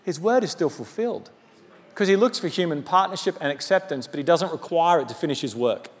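A pastor preaching a sermon in an animated, conversational way with humorous asides. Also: male voice, fairly high pitch, fairly quick. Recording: long hall reverb.

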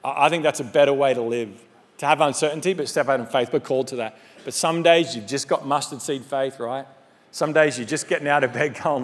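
A pastor preaching a sermon in an animated, conversational way with humorous asides. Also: male voice, mid-range voice, fairly quick. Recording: long hall reverb.

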